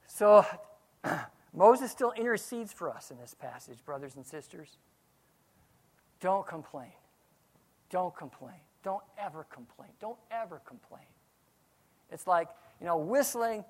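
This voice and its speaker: A man, a pastor, preaching a sermon, swinging from quiet asides to loud outbursts. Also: sits high, lively intonation, unhurried.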